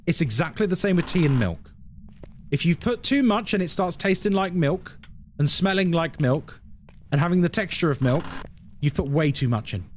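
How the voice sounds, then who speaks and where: Wry British man streaming, higher voice. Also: normal speed, a little hiss or hum. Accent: British English. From Britain. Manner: wry, sarcastic, animated. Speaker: live streamer. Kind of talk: casual live-stream chat.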